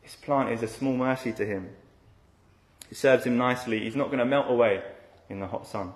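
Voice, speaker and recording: A man preaches in a middle-pitched, conversational voice and often checks in with his listeners through rhetorical tag questions. His voice bounces around a roomy, echoey space. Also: fairly quick. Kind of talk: expository sermon.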